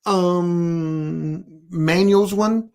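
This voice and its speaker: Preparedness instructor, casual online class, rambling, self-interrupting, blunt, deadpan. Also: medium pitch, very slow. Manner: blunt and deadpan about serious points.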